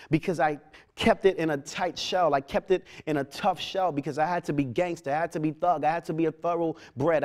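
A man's voice: on the high side, a little mellow. Earnest man with stammering restarts. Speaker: testimony speaker. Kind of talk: personal testimony.

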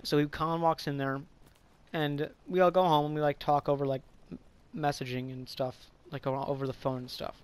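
A man spins a casual story in a slightly high voice, leaning hard on fillers and the odd curse word. He trips over his words and restarts a lot, rambling along without much polish. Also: level tone, a little fast, clear, resonant tone. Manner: rambling, filler-heavy, profane; stumbles and restarts often. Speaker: vlogger.

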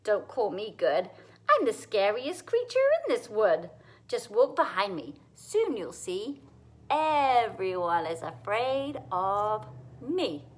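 A woman voicing a clever, tiny male mouse in a storybook read-aloud, bold and quick-witted. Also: mid-range voice, very animated. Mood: boastful.

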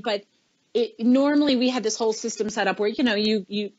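A slightly high, slightly fast female voice comes through a muffled recording. The speaker, a middle-aged former chief of staff, is an animated storyteller in a webinar interview who acts out people's quoted lines.

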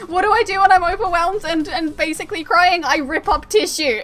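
A woman's voice: extremely high pitch, moderate pace, hardly any pauses, a bit bright, soft background music. A woman streaming games live, chatting casually, giggling often and yelping when startled. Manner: giggly, rambling, easily startled.

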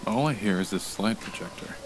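A weary, gruff hero, voiced by a man with a lowish voice and blunt, sardonic lines. Clear background noise runs under this video game dialogue. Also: a little fast, lightly acted. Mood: dry. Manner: blunt, dry, sardonic delivery. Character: weary, gruff man hunting for a lost woman.

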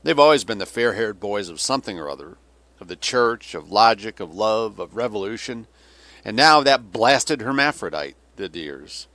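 A man's voice: lowish voice, sing-song, moderate pace, fairly bright tone, no room sound, voice pushed up. A man voicing a weary, cynical older male Russian general who delivers sardonic, bitter tirades.

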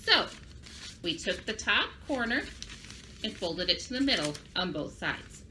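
A woman's voice: medium pitch, very animated, unhurried, sharp tone, slight background noise. A woman librarian giving a children's craft and story lesson, upbeat and speaking directly to young kids.

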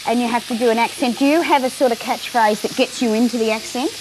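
A woman's voice: on the high side, steady tone, fast talker, background noise. An Australian woman hosting a TV cooking show, chatting with a guest in a teasing, giggly way. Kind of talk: casual chat on a TV cooking show.

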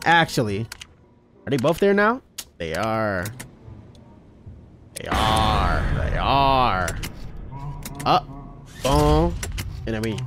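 Male game streamer, casual, laughs a lot, jumpy lively pitch, bursts into yelling. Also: slight background noise. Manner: loud excited outbursts and trash talk; laughs often. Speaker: gaming streamer. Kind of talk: casual let's-play commentary.

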